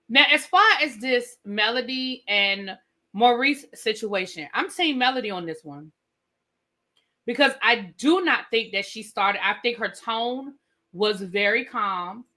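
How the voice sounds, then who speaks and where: Woman, recap host, casual chat, bright tone, fairly high voice, opinionated. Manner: animated, opinionated, acts out quotes.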